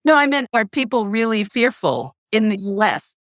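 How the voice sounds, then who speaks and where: A woman's voice: a little high, big pitch swings, normal speed, a bit bright, no room sound, clean studio sound. A woman co-hosting a podcast, asking brief, probing questions in casual discussion. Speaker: podcast co-host.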